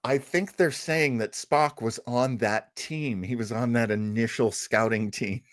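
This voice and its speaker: A man co-hosts a casual review show as a podcaster, rambling and tripping over his words with a fan's enthusiasm. His voice is mid-range and unhurried, captured in a dry, clean studio recording.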